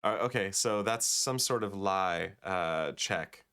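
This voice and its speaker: A man's voice: sits low, slow pace, sharp tone, smooth. A man running a tabletop game as game master, talking in a loose, chatty way. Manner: loose and chatty, with frequent fillers.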